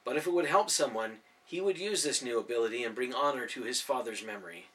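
Animated male storyteller, bright voice. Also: mid-range voice, fast talker, far from the mic. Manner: animated, expressive. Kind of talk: reading a children's novel aloud.

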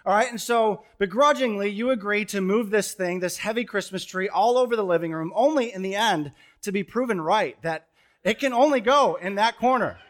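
Animated high-voiced pastor telling stories. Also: male voice, moderate pace. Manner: animated, joking storyteller with sudden loud bursts. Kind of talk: sermon with storytelling. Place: church stage before a congregation.

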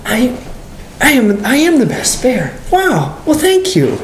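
A man voicing a humble, bashful bear who thinks he has no brain, in a high voice in an echoey room. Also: wildly swooping pitch, slow, slight background noise, exaggerated voice. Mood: delighted. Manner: timid and bashful, then delighted.

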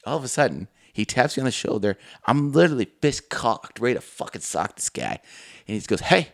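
A young man telling stories on a casual podcast, his voice swinging widely as he acts out the people in them. He swears freely and keeps an average pitch. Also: fairly quick. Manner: profane, animated storyteller acting out quotes. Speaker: podcast co-host. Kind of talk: casual storytelling chat.

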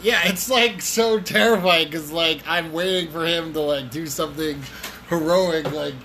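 A man chats casually on a podcast, his voice sitting a little high for a man. He rambles with plenty of "like" fillers and breaks into laughter now and then. A steady hiss of noise runs under the recording. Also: a little slow. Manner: chatty, full of "like" fillers, laughs often. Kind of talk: casual chat.

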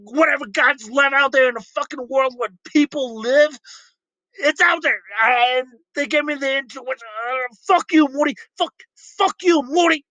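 A man's voice: very high voice, pushed and bright, dry recording, voice pushed up, rough recording. A man on a phone mic impersonating a drunk old male mad scientist, slurring, stammering and cursing.

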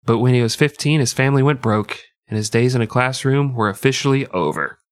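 Brief: nasal male podcast co-host, crude irreverent comic history, mid pitch, dry close sound. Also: brisk, no room sound.

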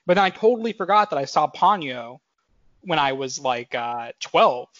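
A young man in his twenties chatting casually as a podcast co-host, his voice sitting a bit high for a man. He rambles, restarts and pads with fillers. The audio is dry and a little dull, with no room sound. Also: lively intonation, normal speed, a bit bright, no echo. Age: 20s. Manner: rambling, filler-heavy, self-correcting. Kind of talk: casual chat.

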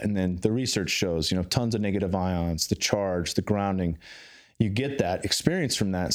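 A man from the Bay Area of California talks casually as a podcast guest, in a fairly low voice. He rambles, doubling back and filling gaps with filler words. His tone stays loose and conversational.

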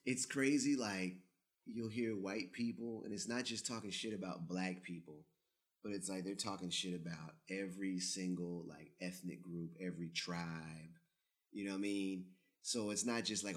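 A man's voice: sits low, fairly even intonation, normal speed. Profane, rambling American man. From United States. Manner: loose, profane, full of "you know what I'm saying". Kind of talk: casual chat.

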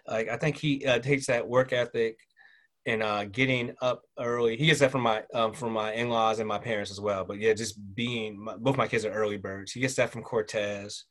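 A man's voice: on the low side, normal speed. Chatty Southern-raised man, loose and casual. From Southern United States. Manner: loose and chatty, full of fillers and "bro", lively when quoting people. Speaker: guest, military father. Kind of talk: casual conversational storytelling.

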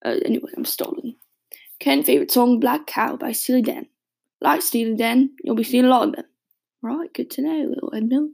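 A woman acts out a raspy, gravelly British man, a longtime smoker, in an audio drama monologue. His voice sits fairly high and has a rough fry, and he talks in hesitant, rambling stops and restarts. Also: a little fast, darkish tone. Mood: wistful, rambling. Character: raspy adult male smoker reading his childhood diary.

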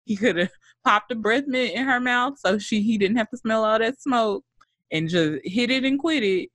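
A woman co-hosting a podcast in casual chat, animated, swearing and laughing often. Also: a little high, normal speed, dry recording. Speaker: podcast co-host.

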